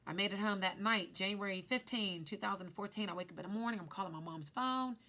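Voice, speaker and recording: A woman in her thirties, a life insurance agent, telling a personal story in an animated way on a vlog. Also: medium pitch, quick pace. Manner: animated storyteller who acts out quotes.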